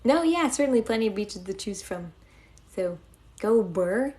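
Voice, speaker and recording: A woman's voice: mid-range voice, lively intonation, moderate pace, darkish tone. A young woman live-streaming, chatting casually and giggling as she thanks her viewers.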